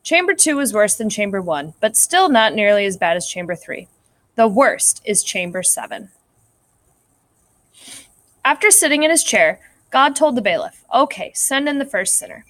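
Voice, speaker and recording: A woman narrating a story in a clear, measured read-aloud style. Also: mid-range voice, big pitch swings, fairly bright tone, no echo.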